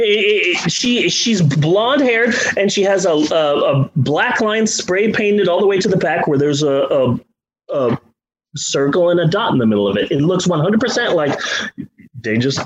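A man's voice: a little high, lively intonation, moderate pace, rough recording. A man co-hosting a podcast in casual chat, ranting with exasperation and plenty of swearing. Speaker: podcast co-host.

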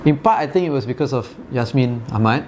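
A man's voice: mid-range voice, expressive, quick pace, darkish tone, a little hiss or hum. A man in his forties from Malaysia with a Malaysian English accent, chatting casually, rambling with fillers and frequent laughs. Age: 40s. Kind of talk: casual chat.

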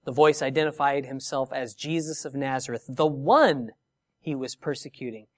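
A man preaching a sermon, expressive and emphatic, reading scripture and asking rhetorical questions. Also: medium pitch, normal speed. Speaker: pastor.

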